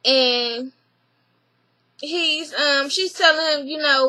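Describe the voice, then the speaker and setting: Woman vlogger, high and bright, animated and profane, recapping a TV episode from her room. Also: slow pace, no echo. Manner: animated, profane, retells scenes in quoted voices. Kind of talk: casual spoken recap. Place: small home room with a fan running.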